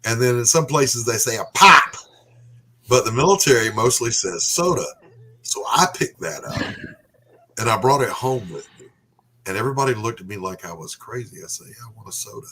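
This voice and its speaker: A middle-aged man from the South, hosting and telling jokey, animated stories. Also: mid-range voice, normal speed, slightly rough, rough recording. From Southern United States. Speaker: podcast host. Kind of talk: casual chat.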